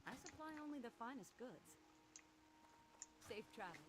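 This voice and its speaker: Actress as a high, lively merchant woman from a fantasy game, stock greetings, noisy game audio. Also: normal speed, close to an everyday voice. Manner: short stock greetings and sales lines. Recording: game audio under noise.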